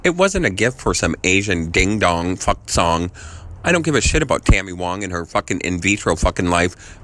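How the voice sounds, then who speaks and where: A fairly low-voiced man unloads an angry, profane rant, cursing nearly every line and leaping from one idea to the next. His voice keeps jumping sharply higher and louder as the rant runs on. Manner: angry, swearing constantly, jumping between ideas; voice repeatedly jumps higher and louder mid-rant. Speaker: voice message sender.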